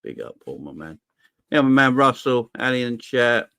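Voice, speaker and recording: A man's voice: mid-range voice, big pitch swings, normal speed, vocal fry, clean tone, dry recording, studio quality. Upbeat man hosting a live chat. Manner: upbeat, shouting out viewers by name. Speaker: host of a football fan livestream. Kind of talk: casual live-stream chat.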